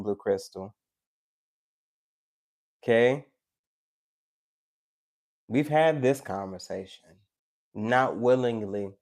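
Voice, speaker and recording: Animated man talking live to viewers. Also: mid-range voice. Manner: animated, preachy and joking, with teasing asides to viewers. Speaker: tarot reader on a live stream. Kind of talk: casual live-stream talk to chat viewers.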